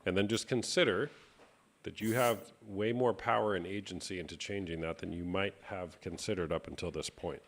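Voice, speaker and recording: A man hosting a live stream chat, speaking in a calm, reflective coaching tone. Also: low voice, moderate pace. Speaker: host.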